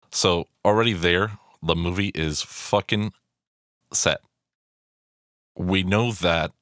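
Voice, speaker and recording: A man's voice: low-pitched, a bit bright, dry recording, studio quality. A man giving casual, rambling film commentary, swearing freely and full of fillers and restarts.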